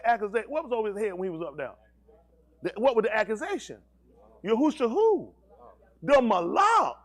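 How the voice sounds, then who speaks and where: A male pastor preaching a sermon, asking the congregation questions and teasing them in slang. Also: very high-pitched. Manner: animated preaching with call-and-response questions and slang.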